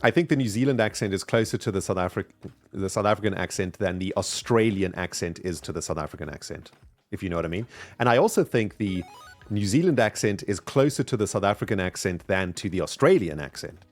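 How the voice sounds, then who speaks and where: A man's voice: deep voice, animated, a little fast, soft background music. A man chatting casually while streaming a video game, upbeat and thanking his viewers as he plays. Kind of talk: casual live-stream commentary.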